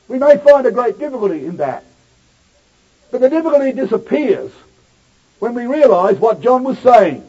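Male preacher, high husky voice, dramatic sermon delivery, dull lo-fi sound. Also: big pitch swings, normal speed, a little mellow. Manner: dramatic, emphatic delivery with sudden swells and drops. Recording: dull lo-fi recording.

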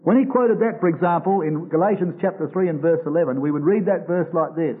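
A man with a fairly high voice delivers an expository Bible sermon to his congregation, slowing down to lean on each line of scripture he quotes. The sound is thin and tinny, as if it came over a phone line. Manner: slows to stress quoted scripture. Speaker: preacher.

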